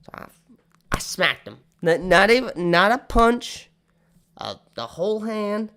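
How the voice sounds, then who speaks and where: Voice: mid-range voice, sing-song, unhurried, fairly bright tone. A drunk vlogger telling a rambling, profane story, stumbling over words and laughing often.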